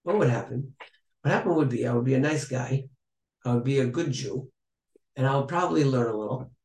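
A man's voice: mid-range voice, fairly quick, a little mellow, natural voice. Man retelling as a humble old rabbi in an echoey room. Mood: reflective. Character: older male rabbi, humble and emotional.

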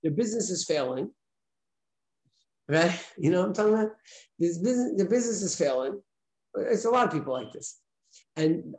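A man's voice: high voice, animated, brisk, long pauses, darkish tone, poor audio. A man, a rabbi, giving a casual spoken lesson to his class, talking conversationally, repeating his points and asking rhetorical questions. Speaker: rabbi teaching a daily class.

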